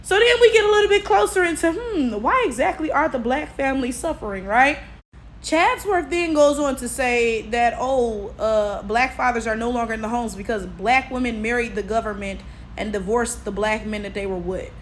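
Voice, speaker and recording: A young woman giving animated, profane reaction commentary, punctuating points with "okay?" and "right?". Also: a little high, normal speed. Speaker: commentary vlogger.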